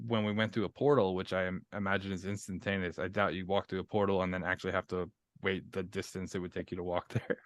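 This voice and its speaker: Rambling low-voiced man player. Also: flat delivery, fast talker, hardly any pauses, dry recording. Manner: rambling, restarts, swears casually. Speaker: player and podcast host. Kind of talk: casual chat among players.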